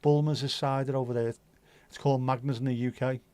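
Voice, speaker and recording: A man's voice: medium pitch, little pitch movement, fast talker, mellow, no room sound. Chatty man hosting a livestream. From Liverpool, England. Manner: chatty, sweary, rambling banter. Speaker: livestream host. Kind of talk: casual chat reading viewer comments.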